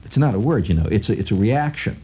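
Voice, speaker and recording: Man, radio host, wry rambling monologue, mellow low voice. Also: animated, fast talker, breathy edge, highs cut off. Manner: wry, digressive, sardonic.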